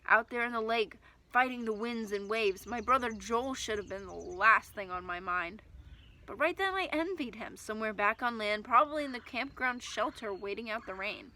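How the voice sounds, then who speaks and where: Bright-voiced woman reading a story aloud. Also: a little high, moderate pace, slight background noise. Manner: expressive, lively storytelling with shouted dialogue. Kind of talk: reading a first-person children's story aloud.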